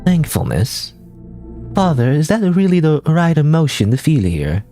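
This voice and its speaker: Earnest, anxious young nun, read by a man; animated pitch. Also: measured pace, faint music behind. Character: troubled, pious young nun protagonist.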